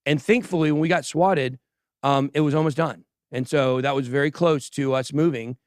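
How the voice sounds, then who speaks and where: A man's voice: mid-range voice, normal speed, no echo, clean studio sound. A man hosting a crypto livestream, chatting casually and bantering boastfully with his crew and the chat. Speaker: host of a crypto news livestream.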